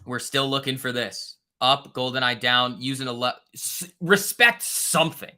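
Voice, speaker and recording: Bright-voiced man doing casual trading commentary. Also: medium pitch, moderate pace. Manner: loose, profane, bro-talk banter with chat, chuckling. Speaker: stock trading livestream host. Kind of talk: casual live market commentary.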